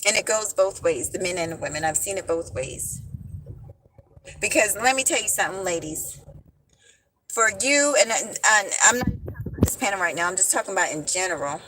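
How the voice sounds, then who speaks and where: Holding her phone in hand, a livestream host delivers commentary directly to viewers in casual slang, hammering her points home through repetition. Her mid-range voice is animated, a bit bright and a little fast, on a rough recording with some hiss or hum.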